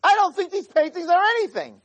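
A man voicing a loud, pushy old Jewish lady tourist who shouts her complaints. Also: very high voice, very animated, fast, highs cut off, voice pushed up. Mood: shrill complaining.

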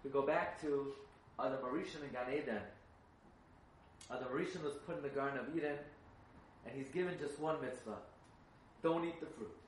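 A man's voice: medium pitch, brisk, pauses often, slight background noise. A man giving a sermon as a rabbi, asking emphatic rhetorical questions and rising into fervent chanting of texts. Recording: echoey, from a distance.

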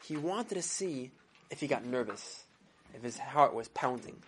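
A woman's voice: extremely low pitch, expressive, a little slow, slightly rough. A woman telling a story to children, dramatic and full of acted voices. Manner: dramatic, with sound effects and voices. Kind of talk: animated storytelling.

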